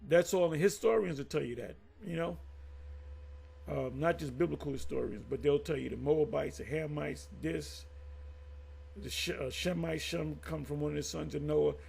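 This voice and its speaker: This channel host teaches Bible history in a high voice with husky gravel and a darkish tone. Speaking off the cuff, he rambles and halts with frequent restarts and asides, reads sources aloud, and speaks emphatically straight to his viewers.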